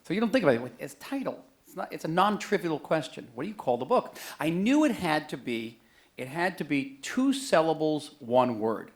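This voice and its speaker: A man's voice: on the high side, very animated, moderate pace. Conversational man lecturing with joking asides. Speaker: speaker giving a book talk. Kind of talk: public lecture to an audience. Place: museum auditorium.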